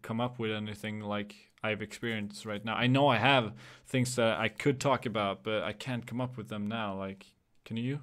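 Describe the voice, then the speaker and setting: A young man talks loosely as host of a casual podcast chat. He meanders, restarts his sentences and leans on fillers as he explains things. His pitch sits in an ordinary middle range. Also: fairly bright tone. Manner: rambling, many fillers and restarts.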